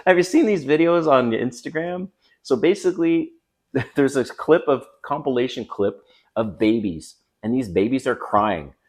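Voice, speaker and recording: A man giving blunt, emphatic dating advice straight to camera, swearing casually as he coaches. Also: medium pitch. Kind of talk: direct-to-camera coaching talk. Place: home by a busy street.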